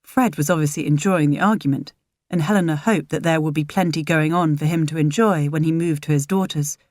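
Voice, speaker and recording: A woman reading a novel aloud in a measured, even way. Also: sits low, no room sound, studio quality. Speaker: narrator. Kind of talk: audiobook narration.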